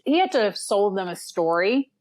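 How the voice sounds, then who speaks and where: A woman's voice: mid-range voice, expressive, moderate pace, a loud crowd. Chatty female podcast guest. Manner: chatty, acts out quoted voices, swears casually. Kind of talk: casual chat.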